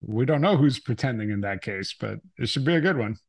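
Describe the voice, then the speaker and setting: A man's voice: medium pitch, expressive, a little fast, gravelly. Chatty laughing male podcast guest. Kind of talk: casual interview chat.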